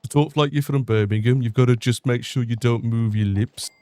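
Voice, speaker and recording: A young man streams a video game and chats casually over the gameplay, poking fun at himself and using lots of fillers. His voice is medium in pitch with a dark tone, fairly quick, and recorded without room sound.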